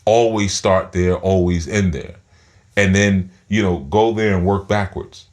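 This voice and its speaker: A man's voice: low-pitched, fairly even intonation, a little slow, a little mellow. A man giving a spiritual teaching talk, speaking through his teeth and often repeating words as he thinks aloud.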